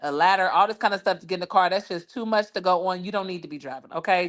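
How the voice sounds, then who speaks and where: A woman's voice: on the low side, fast, hardly any pauses. A woman hosting a livestream, gossiping in a brash, profane, laughing way. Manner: brash, profane, laughing, lots of "child" and "baby". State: injured foot. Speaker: livestream host. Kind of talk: casual gossip chat.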